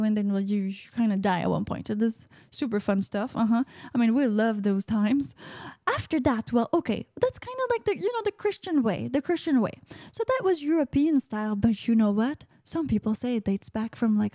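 Chatty female radio host, high-pitched and playful, dry close mic. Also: expressive, brisk, mellow, dry recording. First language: French. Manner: playful, chatty, sprinkles "uh-huh" affirmations. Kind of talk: casual radio monologue.

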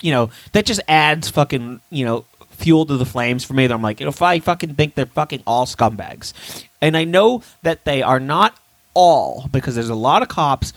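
A man's voice: mid-range voice, moderate pace, no room sound, low-quality recording. A man in casual podcast chat, telling stories in a heated, profane way and acting out what others said. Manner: profane, animated storytelling with shouted re-enactments.

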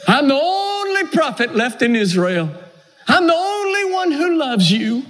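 A despairing prophet moans that he is the last one left, as a preacher acts him out. The voice rides high and swings widely in pitch. A long hall reverb trails each word. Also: big pitch swings, measured pace, a bit bright, full character voice. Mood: self-pitying. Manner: whining, complaining. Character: despairing self-pitying old prophet, man. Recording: echoey hall.

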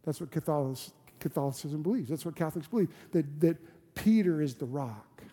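A man's voice: on the high side, fairly quick, mellow, breathy edge. A man preaching a sermon as a pastor, earnest and full of rhetorical questions and restarts. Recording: long hall reverb.

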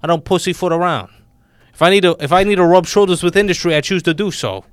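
A man voicing a brash Italian-American tough-guy gamer as a comedic bit, loud and profane. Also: high voice, sing-song, a little fast, dry recording, studio quality, voice pushed up. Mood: aggressive swagger. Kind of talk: comedic bit in podcast chat.

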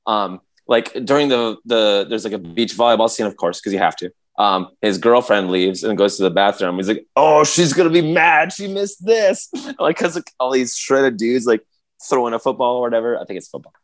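In a casual podcast chat, a male co-host spins a rambling story full of restarts, voicing quotes and sound effects. His voice is fairly low and steady in tone, and he talks fairly quickly.

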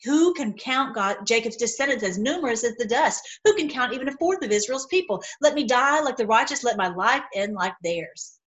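In poor-quality audio, a woman who teaches the Bible online reads passages at a moderate pace with few pauses, her slightly high, somewhat bright voice lively in intonation. She veers off into passionate, meandering asides and uses "y'all."

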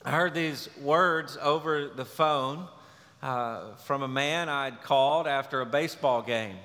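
A male pastor preaching a sermon, telling a story in a relaxed, conversational way. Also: medium pitch, a little slow. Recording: long reverb of a large hall.

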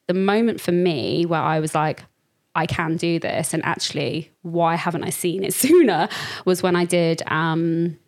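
Woman, young adult, slightly low voice, lively storyteller who voices her own past thoughts; a podcast guest. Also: unhurried. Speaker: guest, dancer and teacher. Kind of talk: casual interview chat.

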